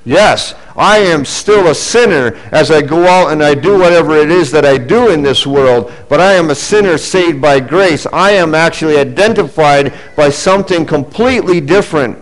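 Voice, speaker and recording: Earnest male preacher, fairly high voice. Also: moderate pace, hardly any pauses, poor audio. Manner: earnest, swinging from raised emphasis to low hushed asides. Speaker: pastor. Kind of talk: sermon.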